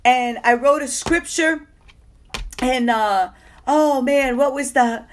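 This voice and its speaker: A woman's voice: sits high, takes it slowly, a little hiss or hum. Woman telling an emotional faith testimony. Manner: emotional, expressive storytelling with acted-out quotes. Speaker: testimony speaker.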